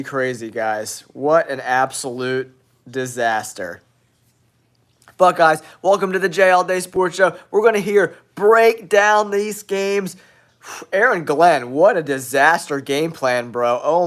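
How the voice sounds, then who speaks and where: A man's voice: on the high side, fairly bright tone. A man hosting a live sports stream with a stuffy, nasal voice from a cold, exclaiming and repeating himself. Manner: exclaiming, repetitive, addresses viewers as guys. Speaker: sports show host.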